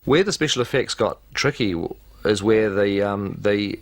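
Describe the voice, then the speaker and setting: A film director recalls the shoot in a wry, self-deprecating way. His voice sits fairly low, relaxed and conversational. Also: moderate pace, dry recording, studio quality. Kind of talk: making-of interview recollection.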